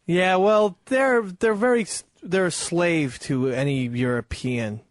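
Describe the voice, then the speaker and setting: A man's voice: sits high, takes it slowly, no room sound, studio quality. A man chiming in on a radio show as an eager, agreeable sidekick. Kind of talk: casual radio banter.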